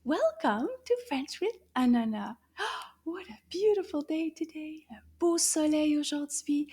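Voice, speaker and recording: Woman, children's French teacher, unhurried delivery, high voice, animated, gasping, half-whispered asides, coaxing. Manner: switches between French and English, coaxing listeners to repeat. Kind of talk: children's language lesson.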